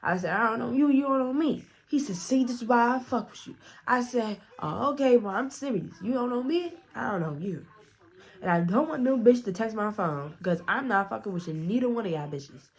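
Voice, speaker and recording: A woman's voice: a little high, expressive, brisk. A woman vlogger telling a storytime in a blunt, profane way, acting out the dialogue as she goes. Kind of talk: casual storytime narration.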